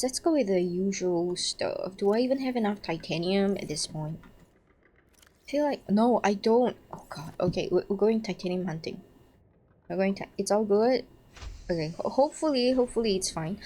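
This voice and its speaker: A young woman streaming a game, chatting casually, excitable, swearing and laughing at her own mistakes. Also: mid-range voice.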